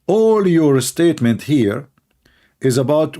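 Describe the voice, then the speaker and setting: A middle-aged man hosting a combative live debate, talking fast with a mocking, sarcastic manner. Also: medium pitch, warm tone. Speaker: host debating a caller.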